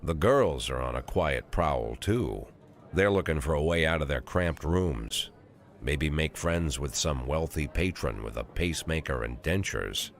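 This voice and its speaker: An actor playing a cynical police chief in his sixties, narrating a game with dry, world-weary calm. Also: very deep voice, a little slow, heavily acted. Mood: sardonic. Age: 60s.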